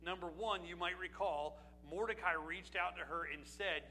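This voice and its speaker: Pastor, male, from Pennsylvania: high voice, sharp tone, chatty sermon full of questions, faint hiss behind. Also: moderate pace, hardly any pauses, poor audio. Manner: conversational preaching with rhetorical questions and asides.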